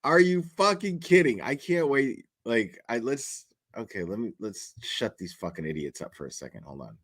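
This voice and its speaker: A man's voice: mid-range voice, big pitch swings, normal speed, fairly bright tone, no echo. A man hosting a casual reaction commentary, profane and mocking, laughing often. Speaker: host.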